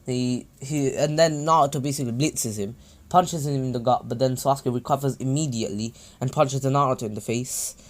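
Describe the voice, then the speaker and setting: A man's voice: medium pitch, steady tone, brisk. A man casually recapping a fan-made story, rambling with many fillers and self-corrections.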